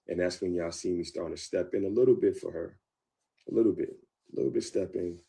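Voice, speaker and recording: Low gravelly man telling his story. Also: fast talker. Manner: animated, acts out his own past thoughts, repeats phrases. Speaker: guest. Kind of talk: candid storytelling interview.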